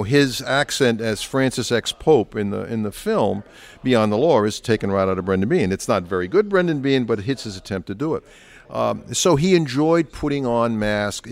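An older man talks through a relaxed interview as a biographer, trading stories in an easy, anecdotal manner. He slips briefly into other people's voices to recount what they said. His voice sits at an ordinary middle pitch.

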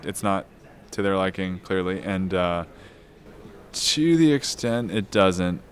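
A man with a somewhat low voice talks through an answer about his own novel. He feels his way forward, trailing off, restarting and filling gaps with ums as he goes. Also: a little hiss or hum. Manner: thoughtful, halting, many restarts and fillers. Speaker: novelist guest. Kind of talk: casual interview answers.

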